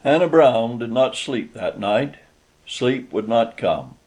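A man narrating a story aloud in a steady, measured audiobook reading. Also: mid-range voice.

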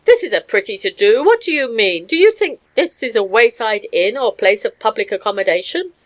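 A woman voicing a gruff, hot-tempered Scottish scholar who speaks curtly and sternly in a storybook reading. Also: on the high side, sing-song, a little fast. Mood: indignant. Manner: stern, curt.

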